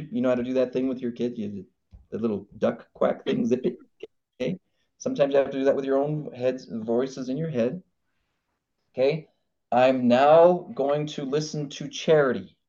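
Man from idaho doing a motivational talk, animated, mellow tone, kinda dull audio. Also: mid-range voice. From Idaho, United States. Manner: animated, acts out voices. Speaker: podcast host.

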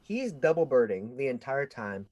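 Animated young man telling a story. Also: medium pitch, normal speed, lo-fi sound. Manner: animated storyteller, shouts out quoted voices. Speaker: podcast co-host. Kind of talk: casual storytelling chat.

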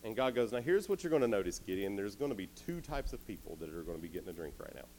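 A man voicing a calm divine figure who gives plain step-by-step orders, in a retold story from a youth sermon. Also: lowish voice, fast talker, a little hiss or hum. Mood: instructing. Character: commanding divine voice, calm and directive.

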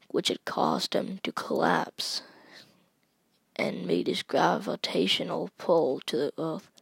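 A woman narrating a spooky first-person story, slow and halting, sometimes dropping to a whisper. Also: on the low side, vocal fry, slightly rough, dry recording.

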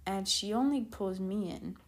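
Speaking at a moderate pace in a medium pitch, this storytime vlogger rambles casually through her story. She keeps dropping in "like" and "keep in mind" asides and backs up whenever she forgets where she was going.

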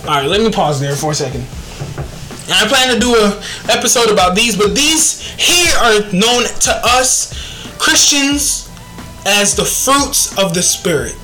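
Woman doing a faith podcast, bright clear tone, takes her time, kinda thinking out loud. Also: medium pitch, lively intonation, faint music behind, poor audio. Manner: earnest and reflective, quotes scripture, slow deliberate delivery. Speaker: podcast host.

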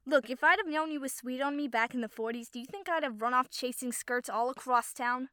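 A woman voicing a man of about thirty, arguing loudly and heatedly. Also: very high voice, a little fast, clean tone, no room sound, studio quality. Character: man around thirty, loud, argumentative.

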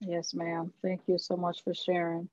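A woman's voice: on the low side, monotone, normal speed, dry recording. A woman hosting a casual group talk, affirming her guests and easily moved. Her voice comes through dull and lo-fi, close and dry with no room around it. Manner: warm and affirming, gets emotional. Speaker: host.

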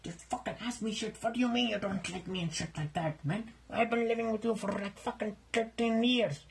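A man's voice: sits high, brisk, vocal fry, slight background noise, voice pushed up. A man voicing a brash, pushy male roommate who speaks in broken grammar and needles constantly, recorded on a phone held in hand. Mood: indignant.

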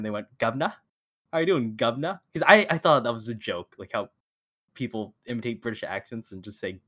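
A man's voice: mid-range voice, fairly bright tone. A man co-hosting a casual podcast over a call, bluntly critical and laughing often as he talks. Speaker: podcast co-host. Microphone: remote call mic.

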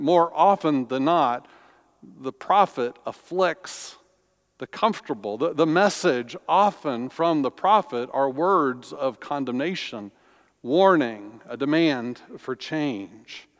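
Slow-preaching pastor in a reverberant hall. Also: male voice, mid-range voice. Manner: slow, deliberate preaching with emphatic pauses. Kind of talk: sermon. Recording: long reverb of a large hall.

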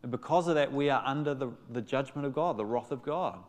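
A man preaching a sermon, his delivery ranging from loud, excited exclamations to quiet, earnest appeals. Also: medium pitch, quick pace. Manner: animated, rising to loud exclamations and dropping to soft appeals. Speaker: pastor.

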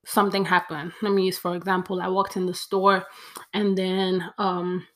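A woman's voice: lowish voice, level tone, moderate pace. Chatty young woman vlogger. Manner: chatty, playful, counts off a list. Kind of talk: casual talk to camera.

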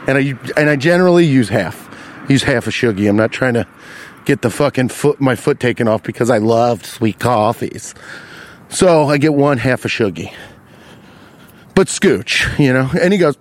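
A man's voice: a little high, normal speed. A man hosting a podcast, fired up and telling a comedic story with lots of swearing while acting out the people in it. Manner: animated, profane, acts out the people in his story. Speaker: podcast host.

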